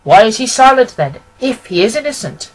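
A man reading aloud who voices a stern, stubborn older banker speaking emphatically in a husky voice. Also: very high voice, big pitch swings, moderate pace, voice pushed up, full character voice, low-quality recording. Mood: insistent. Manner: emphatic, insistent.

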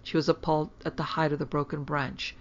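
A woman narrating a ghost story for a podcast, in a measured, steady storytelling voice. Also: low-pitched, muffled recording.

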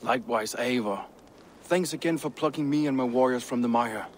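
An actor playing a proud male Viking shipbuilder in a video game, talking in a measured, lyrical way, with faint background noise. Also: mid-range voice, natural voice.

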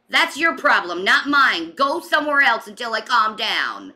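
A woman's voice: fairly high pitch, sing-song, moderate pace, hardly any pauses, sharp tone. A woman streamer venting angrily and swearing on a livestream, heated and defensive. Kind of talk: angry livestream rant.

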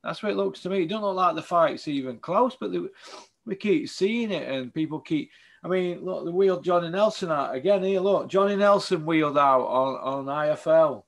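Tired bloke hosting boxing chat, rambly, keeps asking innit. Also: male voice, a little high, normal speed. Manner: chatty, rambling with restarts and tag questions. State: tired after a long day. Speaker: host.

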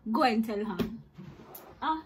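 A young woman with a Kenyan accent telling a story to camera as a vlogger, animated and dramatic, mixing in Swahili slang. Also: fairly high pitch, a little slow, background noise. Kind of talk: storytime monologue.

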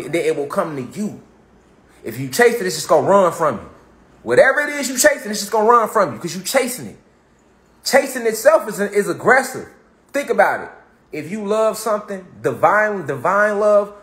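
A man giving a casual motivational talk, animated and slangy, swearing freely and swinging between loud and soft. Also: sits high. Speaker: motivational speaker. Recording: roomy echo.

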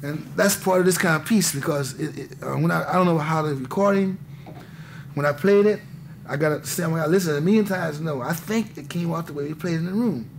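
Gravelly, rambling man on old tape. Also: a little high, brisk, a little hiss or hum. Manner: rambling, intense, restarts often, says "man". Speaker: interviewee, musician. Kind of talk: candid conversation.

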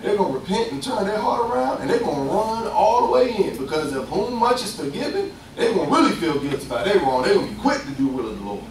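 Echoey preacher, lively and high. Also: male voice, quick pace, few pauses, a little hiss or hum. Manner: lively, conversational, acts out voices, laughs often. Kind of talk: sermon. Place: church. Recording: echoey distant room sound.

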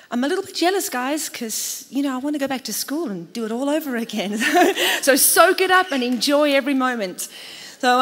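A woman's voice: on the high side, a bit bright. A woman with a South African accent, speaking enthusiastically as she introduces the next speakers at a rally. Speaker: ministry staff, event host. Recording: reverberant hall.

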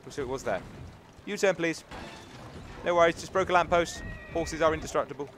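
A man's voice: a little high, fairly quick, fairly bright tone, slight background noise. Chatty British man playing a game. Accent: British English. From England. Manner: chatty, self-mocking, talks to the game. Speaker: gaming YouTuber. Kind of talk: casual let's-play commentary. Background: game music.

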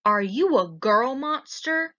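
A woman's voice: on the high side, animated, slow pace, sharp tone, pitched above the performer's own voice, exaggerated voice. Woman reading a picky young boy. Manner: polite but picky. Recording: dull lo-fi recording.

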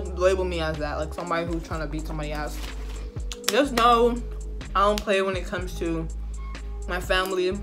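A young woman vlogger telling a storytime while eating, chatty, slangy and profane, talking straight to her viewers. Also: on the low side. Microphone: phone camera.

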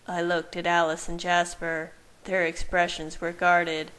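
A woman narrating a first-person fan fiction story in a soft, measured way. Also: lowish voice, completely flat delivery, clear, resonant tone, rough recording.

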